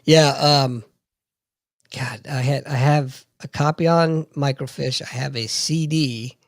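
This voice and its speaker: A man's voice: medium pitch, fairly even intonation, takes it slowly, no echo, studio quality. A man in his forties telling a profane story in a casual podcast chat.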